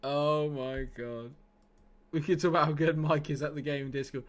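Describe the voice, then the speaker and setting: A man's voice: mid-range voice, normal speed. A man commenting casually on his live game stream, chatty and swearing freely as he talks to his chat.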